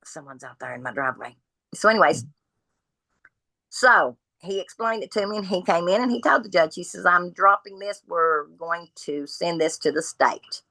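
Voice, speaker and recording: A woman tells her story as a podcast guest, speaking bluntly and acting out each person's lines. Her voice sits low and lands with a forceful edge. The sound is dry and close. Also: normal speed, dry recording, rough recording. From Kentucky. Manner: blunt, animated retelling of dialogue.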